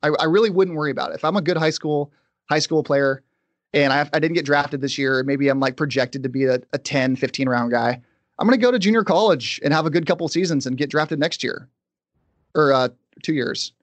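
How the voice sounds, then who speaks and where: A man's voice: a little high, no echo. Opinionated podcast host man, dry sound. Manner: opinionated, brisk and conversational. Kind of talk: casual sports podcast chat.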